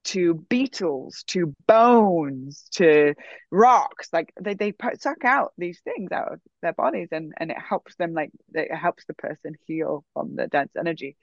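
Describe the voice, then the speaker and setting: A woman telling a personal story in a casual, animated way, full of fillers. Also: sits low, moderate pace, vocal fry, hardly any pauses, slightly rough, dry recording. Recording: dull, dry sound.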